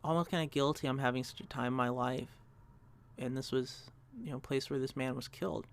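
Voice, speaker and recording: A man's voice: mid-range voice, fairly even intonation, a little fast, creaky. A young man hosting a podcast, telling a personal story in a reflective way and often restarting his sentences as he searches for words. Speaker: podcast host.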